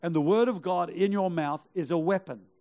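Middle aged pastor guy preaching, kinda high voice, keeps repeating himself to push the point. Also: moderate pace, a little mellow. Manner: emphatic, exhorting with rhetorical questions and repetition. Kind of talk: sermon.

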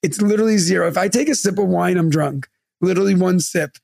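Raspy, gravelly-voiced guy telling a story. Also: sits high, fast talker, dry recording, studio quality. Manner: animated, acts out quotes, swears freely. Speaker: podcast co-host. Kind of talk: casual storytelling chat. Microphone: studio mic close up.

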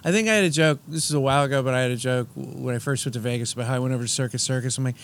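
A man's voice: mid-range voice, very fast. A man co-hosting a comedy podcast, riffing dryly in casual chat and acting out quoted voices.

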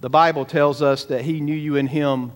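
Brief: male pastor, sermon delivery, slightly higher voice, emphatic with deliberate pauses. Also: fairly even intonation. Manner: emphatic, slows for stress and repeats words.

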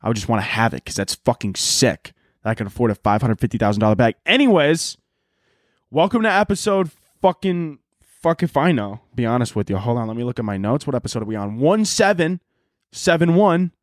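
A man's voice: mid-range voice, sing-song, a little fast, no room sound, clean studio sound. A man hosting a solo podcast from home, riffing in loose, profane, rambling comic rants. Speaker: podcast host. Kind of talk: casual solo podcast monologue.

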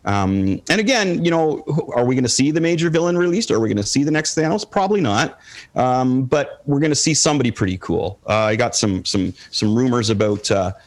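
A man hosting a casual pop-culture podcast chat, animated and rambling with frequent restarts. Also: medium pitch, a little fast.

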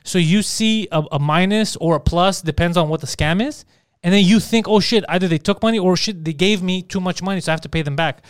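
A man tells stories in casual podcast chat, animated and full of swearing. His voice sits high and sounds smooth and clear. The sound is dry and close. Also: brisk, hardly any pauses, no echo. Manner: animated, profane, jumps into high mocking voices for quotes. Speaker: podcast co-host. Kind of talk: casual chat, storytelling with acted quotes.

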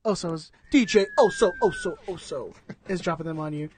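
High-voiced laid-back male podcast host. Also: huge pitch swings, moderate pace, a little mellow, a little hiss or hum. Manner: laid-back, laughing, calls everyone dude. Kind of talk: casual chat.

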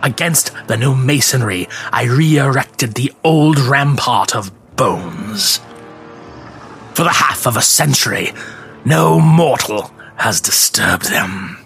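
A man giving a slow, theatrical dramatic reading of a classic horror story, dropping into hushed whispers for dread. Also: mid-range voice, expressive, vocal fry, soft background music. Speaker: narrator.

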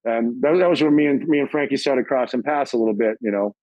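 A middle-aged man telling stories as an interview guest, casual and profane, acting out quoted voices in a higher pitch. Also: fast talker, warm tone, no echo, lo-fi sound.

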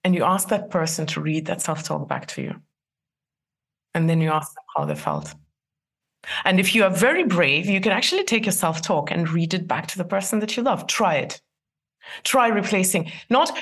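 Gravelly-voiced woman giving earnest advice. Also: lowish voice, sing-song, moderate pace, fairly bright tone. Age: 40s. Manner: earnest, laughs often, many restarts. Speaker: guest. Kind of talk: interview conversation.

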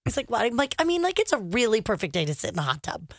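A woman's voice: a little high, racing, dry recording, studio quality. A woman co-hosting a radio show, chatting casually and acting out quotes as she tells stories. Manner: animated storyteller acting out quotes. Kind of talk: casual chat.

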